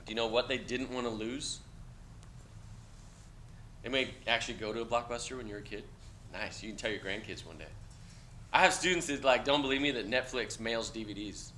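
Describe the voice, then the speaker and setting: A middle-aged man lecturing students in a classroom with a bright, forceful voice. He keeps it loose and blunt, checking in with "okay?" and dropping the odd swear. There is a faint hiss in the background. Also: medium pitch, fairly quick, pauses often. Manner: conversational, blunt, peppers lines with "okay?" and casual swearing. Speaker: university lecturer.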